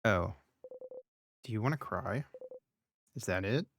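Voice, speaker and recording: Low-voiced man reading game text. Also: animated, slow pace, noisy background. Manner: reads game text aloud between short casual remarks. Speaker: streamer. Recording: game music behind.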